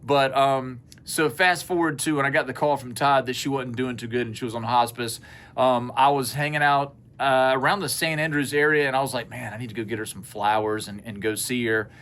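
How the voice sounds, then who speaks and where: A man's voice: mid-range voice, a little fast. Guy, middle-aged, earnest rambling storyteller for a casual podcast. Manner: rambling, earnest, animated when quoting people. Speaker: podcast co-host. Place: indoor studio space at a co-op.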